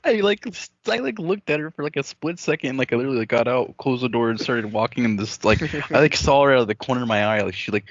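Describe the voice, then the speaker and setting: A man's voice: mid-range voice, quick pace, hardly any pauses, dry recording, highs cut off. A young man co-hosting a casual podcast, telling stories full of laughter, swearing and fillers. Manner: laughing a lot, swearing, lively storytelling. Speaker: podcast co-host. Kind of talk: casual chat.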